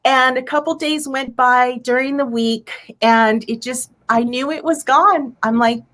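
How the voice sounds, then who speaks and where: Woman storyteller from Arizona, high voice, earnest, heartfelt personal tale. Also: measured pace, a bit bright. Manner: earnest, heartfelt, acts out her own quoted thoughts.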